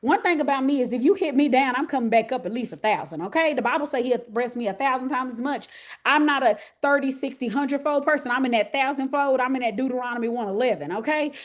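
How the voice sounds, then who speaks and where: A woman's voice: high voice, quick pace. A woman from Texas with a Texas accent preaching to women, folksy and country, calling on listeners by name. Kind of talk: lively sermon to women's group.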